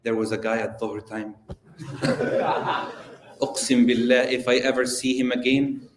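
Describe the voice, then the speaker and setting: A man's voice: mid-range voice, steady tone, unhurried, a crowd in the background, voice pushed down, natural voice. A man doing a blunt, hot-tempered laborer. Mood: grateful. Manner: blunt, threatening. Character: hot-tempered working man, grateful but vengeful. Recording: roomy echo.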